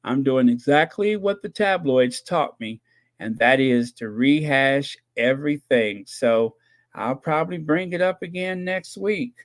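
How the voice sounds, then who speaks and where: A man's voice: mid-range voice, animated, a little slow. A man hosting a casual live stream, reading viewers' comments and talking to them in a joking, sarcastic way, laughing and repeating himself often. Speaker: host of a royal commentary channel.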